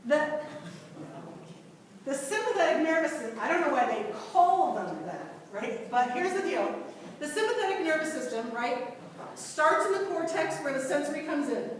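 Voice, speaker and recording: A woman's voice: sits high, distant mic. Woman lecturing in an echoey hall. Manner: lively, asks the class questions. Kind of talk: classroom lecture.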